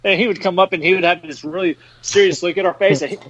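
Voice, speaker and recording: Man, high voice, casual storytelling, animated, laughs mid-sentence, dull dry recording. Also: quick pace. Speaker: podcast host.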